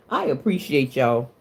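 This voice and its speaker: A woman's voice: fairly low pitch, darkish tone, breathy edge. A woman hosting a casual livestream, chatting with viewers and greeting them by name, emotional and confiding, laughing often. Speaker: livestream host.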